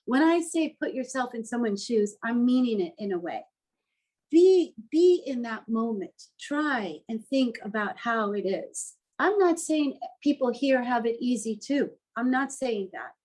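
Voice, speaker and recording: A woman's voice: on the high side, expressive, unhurried, darkish tone, low-quality recording. A woman artist telling a story in an interview, speaking in a heartfelt, earnest and openly emotional way.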